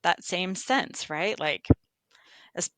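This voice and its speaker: Speaking slowly in a lowish voice, a woman guesting on a podcast talks reflectively about being a construction estimator and tells lively workplace anecdotes. The audio has no echo.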